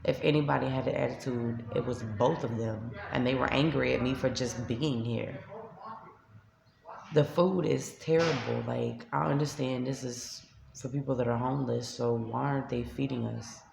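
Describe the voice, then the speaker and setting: A woman's voice: rumbling low, steady tone, moderate pace, vocal fry, roomy sound, a crowd in the background. A woman with a New York accent, a shelter resident venting to camera in a vlog, upset and tearful as she retells an argument. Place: shelter room by a street window.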